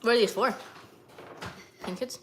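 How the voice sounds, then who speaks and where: A woman's voice: on the high side, measured pace. A woman chiming in casually with short remarks while someone cooks. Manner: casual and offhand, brief interjections. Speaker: helper bringing groceries. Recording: echoey room with faint noise.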